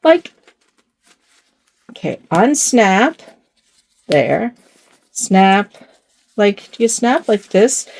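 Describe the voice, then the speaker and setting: A woman's voice: medium pitch, sing-song, extremely slow, pauses often, a little mellow. An older woman chatting casually while she fiddles with a doll's clothes. Her talk rambles and circles back on itself, and she often chuckles and teases herself. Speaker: doll channel host. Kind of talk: casual chat while dressing a doll.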